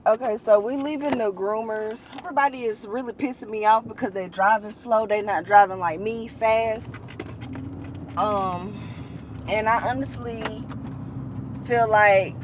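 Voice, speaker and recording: A woman's voice: mid-range voice, measured pace. A young woman in her twenties casually vlogging, chatty and venting about her day, sometimes cursing at traffic. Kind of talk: casual vlog chat. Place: in a car, then at home.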